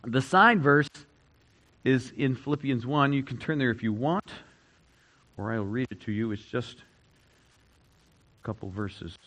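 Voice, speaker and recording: A man preaching a sermon as a pastor, repeating key phrases and swinging between loud emphasis and hushed statements. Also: medium pitch, takes it slowly, pauses often, low-quality recording.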